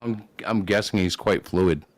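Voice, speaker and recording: A man co-hosting a live stream, bantering with dry jokes and puns. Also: on the low side. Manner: dry, joking, quick with puns.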